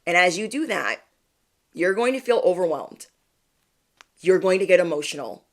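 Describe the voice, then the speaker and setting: A woman's voice: on the low side, animated, moderate pace. A woman doing a livestream tarot card reading. She talks straight to her viewers, playful and encouraging, and keeps checking in with them. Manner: chatty, playful, keeps asking "okay?". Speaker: tarot reader.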